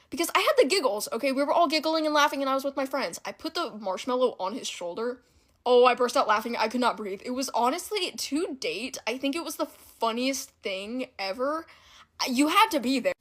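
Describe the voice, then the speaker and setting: Young woman, casual story time, fairly high voice, animated, giggly, indignant.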